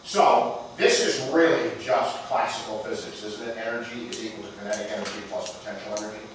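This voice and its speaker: A man's voice: lowish voice, fairly quick. A man teaching a physics class, playful and theatrical, often putting questions to the class. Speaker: physics lecturer. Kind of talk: classroom lecture. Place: lecture hall. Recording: echoey lecture hall, distant, faint noise.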